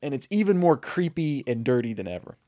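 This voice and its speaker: A man's voice: mid-range voice, big pitch swings, a little fast, mellow, no echo, clean studio sound. Rambling, chatty man in a casual podcast. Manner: rambling, chatty, full of fillers and self-corrections. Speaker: podcast co-host retelling a made-up movie. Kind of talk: casual storytelling chat.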